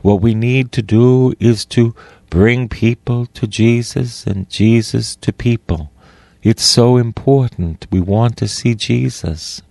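A man's voice: mid-range voice, vocal fry, a little mellow, dry recording. A man preaching a sermon, repeating phrases for emphasis and stretching out key words. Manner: repeats phrases for emphasis, rising on quoted lines; slow, drawn-out emphatic delivery.

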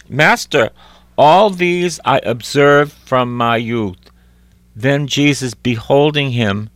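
A man's voice: vocal fry, no echo. A man preaching a sermon, reading scripture and acting out its voices, repeating phrases for emphasis. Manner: acts out voices in scripture, crying out high and loud.

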